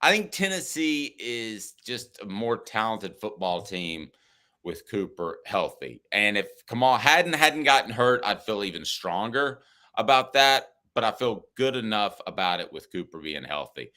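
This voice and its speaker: A middle-aged man talking sports on a podcast in a low but bright, forward voice. He argues his point with teasing confidence and a conversational flow. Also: sing-song, measured pace. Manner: argumentative, teasing. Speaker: podcast co-host. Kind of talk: casual sports talk.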